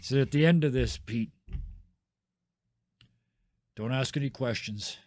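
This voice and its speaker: A man's voice: mid-range voice, takes it slowly, a little mellow, natural voice. A man voicing a casual, matter-of-fact male devil in a tabletop game. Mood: commanding.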